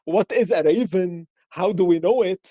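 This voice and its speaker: A man's voice: high voice, normal speed, no room sound, dull audio. A man lecturing on philosophy in a live-streamed discussion, explaining through examples and rhetorical questions.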